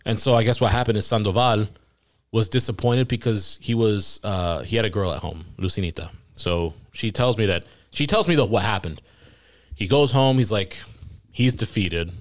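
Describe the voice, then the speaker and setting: Low-voiced man telling a funny story. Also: normal speed. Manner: animated storyteller quoting voices, laughing at his own story. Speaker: podcast guest. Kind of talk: casual storytelling.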